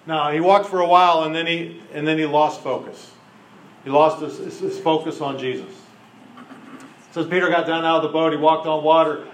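Guy preaching to a small group, kinda high voice, lively, laughs a lot, roomy echo. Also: moderate pace. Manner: animated, laughing, acts out quotes. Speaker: pastor leading a group exercise. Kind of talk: informal sermon with group participation.

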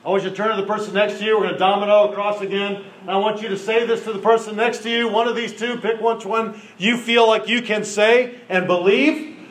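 Guy preaching to a small group, kinda high voice, lively, laughs a lot, roomy echo. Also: a little fast. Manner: animated, laughing, acts out quotes. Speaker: pastor leading a group exercise. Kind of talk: informal sermon with group participation.

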